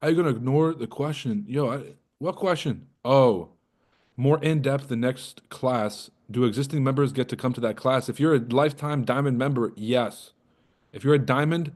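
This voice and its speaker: A man's voice: mid-range voice, darkish tone. A man hosting a trading livestream in casual, profane, joking talk, roasting and teasing his viewers. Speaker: trading coach and livestream host.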